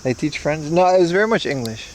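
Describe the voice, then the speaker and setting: A young man with a high-leaning, expressive voice talks quickly as he walks through town streets, hosting a livestream and chatting casually with viewers. He's joking, wry, and rambling. A little hiss or hum sits under the audio.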